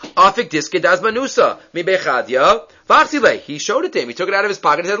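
A man's voice: high-pitched, lively intonation, fairly quick, pushed and bright. A man teaching a Talmud class, reading and translating the text and acting out the dialogue with animation. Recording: dull lo-fi recording.

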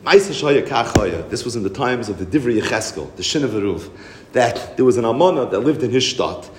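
A man's voice: mid-range voice, expressive, brisk, roomy sound, background noise. A man giving a Torah class and telling a Hasidic story, mixing in Hebrew and Yiddish terms and acting out the voices in it. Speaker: Torah teacher.

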